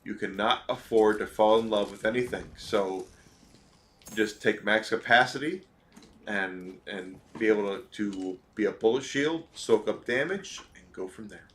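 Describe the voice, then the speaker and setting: A man talks through a co-op video game session, handing out opinionated advice in a loose, rambling way full of fillers. His voice sits fairly low, and faint background noise runs underneath. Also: a little slow, fairly bright tone. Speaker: streamer. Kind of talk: casual gameplay commentary.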